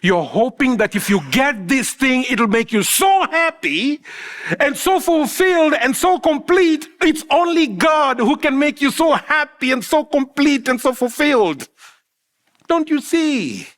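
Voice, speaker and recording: A middle-aged man delivers a sermon in a church, his voice pitched high. He preaches with an animated, swooping delivery, slipping into small acted-out scenes and asides to the congregation. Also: measured pace. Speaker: pastor.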